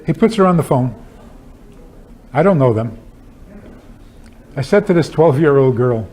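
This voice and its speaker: A man's voice: medium pitch, expressive, measured pace, pauses often, a little mellow. A man, a rabbi, giving a talk with humorous stories and pointed rhetorical questions in an emphatic, wry manner. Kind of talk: lecture with humorous storytelling.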